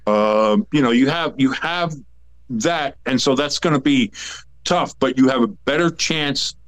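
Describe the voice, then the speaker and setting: Casting: male sports podcast co-host, mid-pitch, rambling and jokey. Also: measured pace. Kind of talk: casual sports chat.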